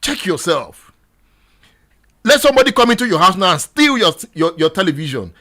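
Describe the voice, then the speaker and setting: A Nigerian man hosting a radio talk show, exhorting his listeners in a repetitive, impassioned monologue that rises to shouts. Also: sits high, very animated, a little fast. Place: radio studio.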